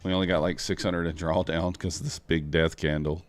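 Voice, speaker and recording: Deep-voiced man streaming his trades. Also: level tone, a little fast, a little hiss or hum. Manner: chatty, talks to chat viewers while trading. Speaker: live-streaming futures trader. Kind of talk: casual live-stream commentary.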